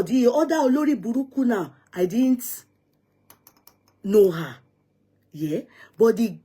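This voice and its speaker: A middle-aged woman with a Nigerian accent, telling a personal story with dramatic swings from hushed whispers to loud outbursts. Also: medium pitch, slightly rough. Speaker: vlogger.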